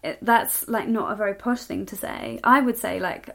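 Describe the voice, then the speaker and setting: A woman's voice: mid-range voice, lively intonation, normal speed, gravelly, fairly bright tone. A woman from England co-hosting a podcast in easygoing, thoughtful casual chat. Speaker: podcast co-host.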